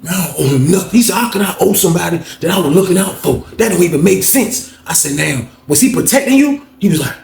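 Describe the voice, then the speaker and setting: An animated man with a high, lively voice tells a story in loose street slang. He jumps between voices as he quotes people. The room around him is echoey. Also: quick pace, creaky, few pauses. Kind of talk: casual storytelling to camera.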